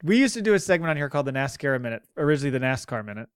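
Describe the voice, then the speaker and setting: A man's voice: mid-range voice, sing-song, racing, smooth, no room sound, studio quality. A man co-hosting a podcast, chatting casually, rambling, swearing and laughing a lot. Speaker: podcast co-host. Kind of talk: casual chat.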